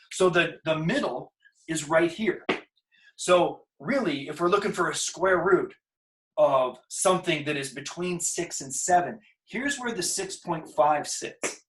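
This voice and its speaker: A male math teacher with a slightly high voice, explaining in a loose, joking way. He thinks out loud as he goes, tossing in asides while he works through problems. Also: rough recording. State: out of breath. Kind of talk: casual math lesson.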